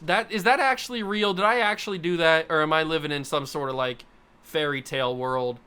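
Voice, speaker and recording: Bright-voiced excitable young gamer guy. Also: a little high, a little fast, smooth. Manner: excitable, self-mocking, swings between groans and yelps. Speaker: gaming YouTuber host. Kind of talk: casual gameplay commentary.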